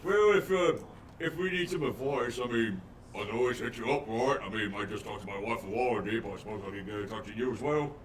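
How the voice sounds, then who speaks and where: A man playing a character at a game table, laid-back and quick to laugh. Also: mid-range voice, roomy sound. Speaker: player. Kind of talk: casual role-play at a game table. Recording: distant mic with faint noise.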